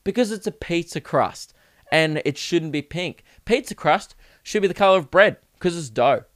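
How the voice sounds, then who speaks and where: A man's voice: a little high, animated, moderate pace, no room sound, studio quality. Profane young man ranting. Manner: rambling, profane, self-mocking. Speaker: podcast host. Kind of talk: casual comedic monologue.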